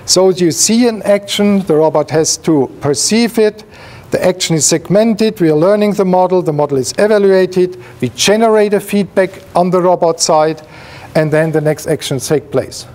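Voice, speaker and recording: A man's voice: high-pitched, normal speed, a little mellow. A male professor giving an academic seminar lecture, explaining while pointing at slides, with frequent fillers and restarts.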